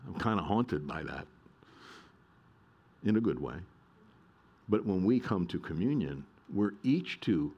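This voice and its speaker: Earnest low-voiced male pastor preaching. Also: darkish tone. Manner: earnest preaching with emphatic repetition. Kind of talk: sermon.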